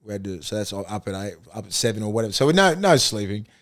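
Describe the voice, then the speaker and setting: A man's voice: on the low side, sing-song, quick pace. A man with an Australian accent, a former rugby league player, telling rambling, profane anecdotes with frequent laughter in a casual podcast chat.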